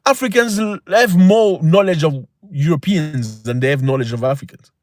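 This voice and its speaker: A man's voice: on the high side, moderate pace, no echo, studio quality. A man hosting a livestream, talking in an impassioned, preachy way with many rhetorical questions. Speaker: channel host. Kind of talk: livestream talk.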